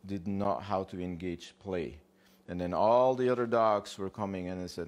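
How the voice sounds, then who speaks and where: A man lecturing on dog behavior as a trainer, animated and casual, acting out what dogs think and swearing now and then, with frequent "yeah?" check-ins. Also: low-pitched. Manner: animated, acts out dogs' thoughts in quick voices, swears casually.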